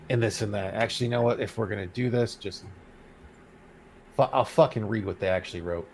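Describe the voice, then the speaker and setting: A man's voice: fairly low pitch, a little fast, slight background noise, low-quality recording. A man hosting a casual podcast chat, ranting and reading out quotes with a sarcastic edge. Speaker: podcast host.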